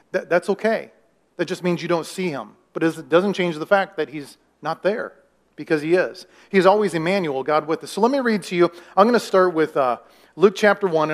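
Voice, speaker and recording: A man preaching a sermon as pastor, talking conversationally, asking the congregation questions and acting out the voices of people in the story. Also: a little high. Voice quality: acts out quoted voices in the story.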